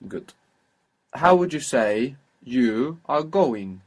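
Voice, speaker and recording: A man's voice: mid-range voice, expressive, slow pace. A man teaching a language lesson, patiently prompting his student with questions and repeating the answers.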